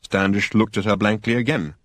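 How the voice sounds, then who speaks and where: A man reading an audiobook in an expressive, storytelling manner. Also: fairly low pitch, fairly quick, dry recording, studio quality. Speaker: audiobook narrator. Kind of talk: scripted narration.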